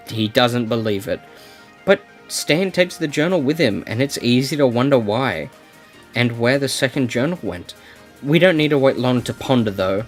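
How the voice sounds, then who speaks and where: A man narrating a scripted review essay with emphatic enthusiasm, often repeating words for stress. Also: medium pitch. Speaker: video essayist reviewing a cartoon series.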